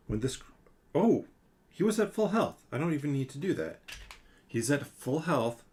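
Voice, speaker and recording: A man hosting a solo board game playthrough, thinking aloud and counting out damage and cards. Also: medium pitch. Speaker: board game channel host.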